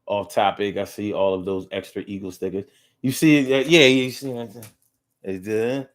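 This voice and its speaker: A middle-aged man hosting a casual live talk show, reading viewer comments aloud in an animated, playful way that swings from low drawls to loud bursts. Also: moderate pace.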